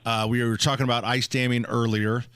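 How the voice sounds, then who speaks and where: A man's voice: mid-range voice, little pitch movement, a little fast, fairly bright tone, clear, resonant tone, dry recording. A man hosting a home and garden radio show, telling a story in a joking, rambling way in a studio. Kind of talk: casual radio chat.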